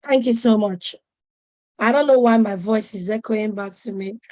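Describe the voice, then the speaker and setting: A woman's voice: medium pitch, normal speed, a little mellow. Flustered woman hosting a video webinar. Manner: flustered, apologetic, chatty. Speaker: webinar presenter. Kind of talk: online webinar talk. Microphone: video call.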